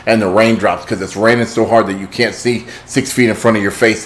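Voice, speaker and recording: A man hosting a motivational talk, telling a dramatic story that swings from hushed intensity to shouting. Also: fairly low pitch, steady tone, fairly quick, hardly any pauses. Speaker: host.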